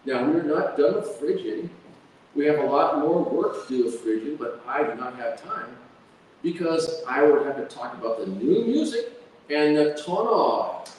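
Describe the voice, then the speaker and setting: A man's voice: fairly high pitch, lively intonation, moderate pace, a little mellow, a little hiss or hum. Man lecturing from far off in a hall. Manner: hums and sings melodies with da-da syllables. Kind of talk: academic lecture with sung examples.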